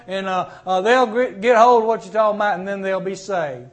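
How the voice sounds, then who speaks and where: A man preaching a sermon, dropping to low murmurs and then rising to loud, pleading cries. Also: brisk, hardly any pauses.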